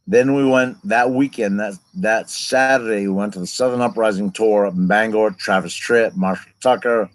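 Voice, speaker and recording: A man in his fifties tells a long personal story in a casual, unscripted way. His voice sits a little low, and he wanders through side stories before returning to the main thread. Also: low-quality recording. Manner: rambling, digressive personal storytelling. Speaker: vlogger telling his own story.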